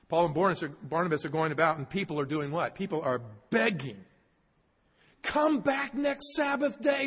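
Pastor guy preaching verse by verse, high husky voice, big echoey hall. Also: a bit bright. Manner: asks the congregation questions, emphatic repetition. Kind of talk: expository sermon. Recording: long hall reverb, husky.

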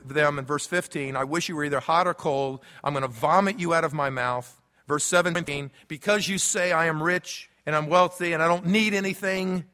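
A man preaching a sermon as a pastor, swinging between loud emphasis and quiet, low asides. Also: in a large hall.

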